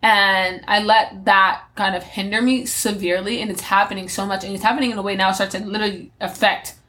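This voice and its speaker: A woman's voice: medium pitch, fairly even intonation, brisk, fairly bright tone. A woman in her twenties hosting a solo podcast, talking candidly and rambling through her plans, with many fillers and restarts. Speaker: podcast host. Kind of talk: solo reflective podcast monologue.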